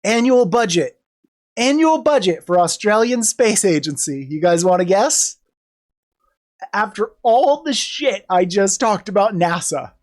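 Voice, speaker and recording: A woman streamer with a cold, chatting casually, joking and swearing as she rambles. She talks slowly and in a loose, unhurried way, with a sick, stuffy sound to her voice. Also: medium pitch, lively intonation, a little mellow. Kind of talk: casual livestream chat.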